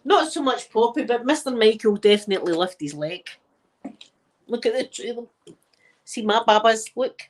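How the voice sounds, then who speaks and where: A woman's voice: a little high, normal speed. A woman with a Scottish accent chatting casually with her viewers from her living room, telling stories and laughing often. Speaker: live chat host.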